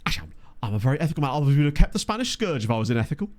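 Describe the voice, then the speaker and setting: Chatting loosely with live-stream viewers while he plays a management game, a man from Essex speaks in a soft home counties English accent. He races along, wandering into jokey tangents, with a lively pitch that climbs and dips.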